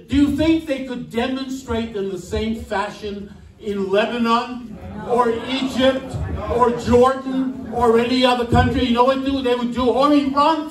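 A man's voice: extremely high pitch, far from the mic. A man giving an indignant political speech at a club meeting, full of rhetorical questions. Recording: echoey room, voice off-mic.

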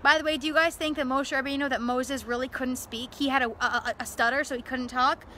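A young woman talks in a high, bright voice, pouring herself into a heartfelt story. She is emphatic and emotional, circling back to the same phrases with plenty of fillers along the way. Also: fairly even intonation, fast, slight background noise. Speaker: speaker promoting a religious event. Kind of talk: impassioned storytelling monologue.

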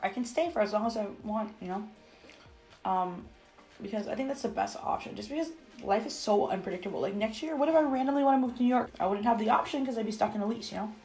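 A woman's voice: on the high side, fast, warm tone, soft background music, rough recording. A young woman in her twenties, chatting casually for a food vlog, eating between sentences and saying "like" constantly. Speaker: food vlogger. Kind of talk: casual mukbang chat while eating. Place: bathroom at home.

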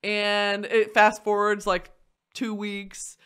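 A woman hosting a podcast, chatting casually in an animated way, swearing often and laughing through a story. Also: medium pitch, slow pace, smooth. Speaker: podcast host. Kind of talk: casual chat.

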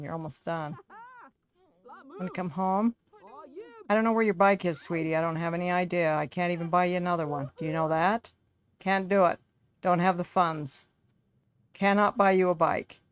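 A woman with a somewhat low voice runs casual commentary over her game. She talks to the characters on screen as if fussing over her own kids. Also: no room sound. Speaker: gaming video creator.

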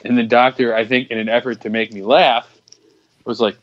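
A man's voice: medium pitch, little pitch movement, moderate pace, dry recording. A young man tells a crude, rambling story and keeps restarting. His voice sits mid-range, and the recording comes across dry and a little dull. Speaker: podcast co-host. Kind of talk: casual storytelling chat.

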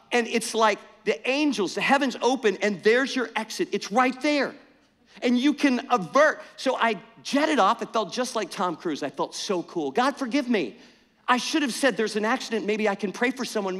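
A middle-aged man preaching a sermon, telling an animated, self-mocking story in a conversational way. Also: sits high. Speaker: pastor. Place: church sanctuary. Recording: church hall reverb.

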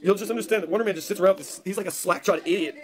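A man's voice: sits high, rapid-fire. A man giving a rambling, crude, mocking comedic review of a comic book.

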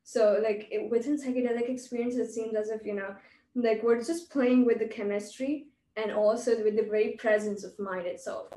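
Mellow-voiced woman musing in an echoey room. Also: on the high side, steady tone, normal speed. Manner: thoughtful, musing and academic. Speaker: podcast host. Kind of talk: casual chat. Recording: echoey, distant from the mic.

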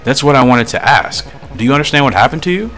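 A prim angel from a handheld game, talking in a very high, squeaky falsetto, as a man puts it on. The tone is bright and thin. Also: big pitch swings, fast, faint music behind.

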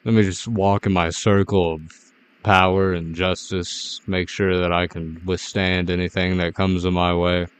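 A man's voice: low-pitched, clean tone. A man giving rambling, jittery, self-mocking commentary as a gaming YouTuber playing a horror game.

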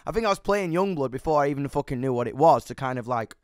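A young man tells stories with lots of swearing and bursts of acted-out voices. His pitch sits mid-range, and the sound is close and dry with no room. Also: quick pace, clear, resonant tone, no room sound. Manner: animated, swears a lot, acts out voices. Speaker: musician guest. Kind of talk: casual storytelling interview.

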